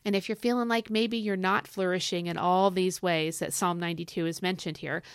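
A woman hosting a casual devotional podcast, chatty and encouraging, with lots of asides and repeated phrases and pitch that jumps up on emphasis. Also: a little fast, clear, resonant tone, no room sound, clean studio sound. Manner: expressive, pitch swinging up on emphasis. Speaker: podcast host teaching from the Psalms.

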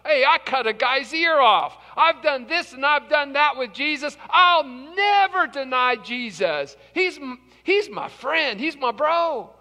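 A brash, impulsive fisherman brags loudly and then snaps out flustered denials, as a man preaching puts him on. The voice sits high and bright, and a long hall reverb trails each phrase. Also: sing-song, a little fast, exaggerated voice. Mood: boastful.

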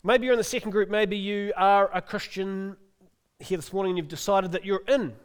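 A middle-aged male pastor preaching a sermon in an earnest, gently inviting way, then closing in prayer. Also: sits high, steady tone, normal speed, smooth.

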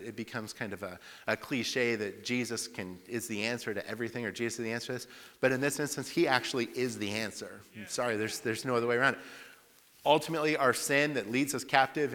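Pastor, male, mid-pitched voice, animated storytelling sermon, long hall reverb. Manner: storytelling with lively swings in loudness.

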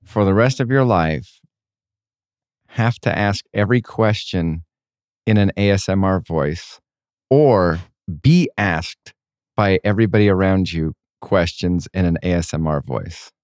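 A man co-hosting a casual podcast chat, playful and animated, who throws in sound effects. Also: sits low, a little slow, dry recording, studio quality. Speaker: podcast co-host.

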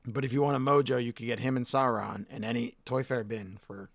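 A man's voice: medium pitch, steady tone, fairly quick, gravelly, dry recording, clean studio sound. A man co-hosting a casual podcast chat, swearing casually and losing his voice. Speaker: podcast co-host.

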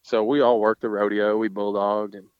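Folksy low-voiced cowboy storyteller. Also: male voice, level tone, moderate pace, clean tone, dry recording. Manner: folksy, drawling, lots of fillers and mild cursing. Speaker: podcast guest, rodeo cowboy. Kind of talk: casual storytelling. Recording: dull lo-fi sound.

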